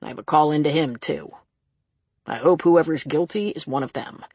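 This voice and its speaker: A reader voicing a calm, gently probing male sheriff in an audiobook. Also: mid-range voice, moderate pace, creaky, slightly rough, no room sound. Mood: businesslike. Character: calm steady man, a rural sheriff. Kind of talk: audiobook character reading.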